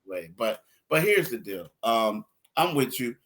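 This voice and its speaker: A man's voice: medium pitch, big pitch swings, measured pace, a bit bright. A man co-hosting a sports podcast, talking in a loose, rambling way with repeated words and some laughter. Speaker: podcast co-host. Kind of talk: casual sports podcast talk.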